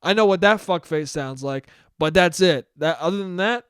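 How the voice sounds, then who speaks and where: A man's voice: sits high, normal speed, clean tone, no echo, studio quality. A man from New York, hosting a solo podcast in a rambling, profane and self-mocking way. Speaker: podcast host. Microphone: podcast mic.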